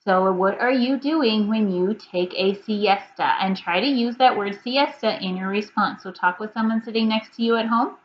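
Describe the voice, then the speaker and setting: A woman teaching a reading lesson to young children at home, prompting slowly and clearly and pausing for answers. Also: medium pitch, highs cut off, slight background noise. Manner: slow, clear, patient prompting with pauses for answers.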